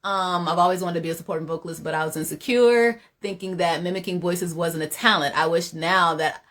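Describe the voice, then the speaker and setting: A woman with a Southern-Midwest US accent, a supporting vocalist explaining her craft in animated, casual chat. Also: lowish voice, a little fast. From Champaign, Illinois. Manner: animated, demonstrates by singing snippets.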